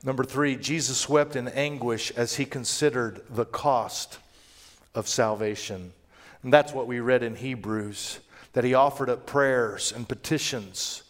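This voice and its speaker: A man preaching a sermon, moving between loud, emphatic passages and hushed, quiet ones. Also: mid-range voice, a little slow. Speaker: pastor.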